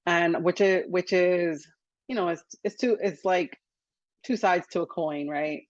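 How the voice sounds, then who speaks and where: A woman's voice: on the low side, a little slow, no echo. A woman podcast host in casual interview chat, talking in a loose, conversational way with laughs and filler words. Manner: chatty, with laughs and "you know, like" fillers. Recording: dull, dry, lo-fi audio.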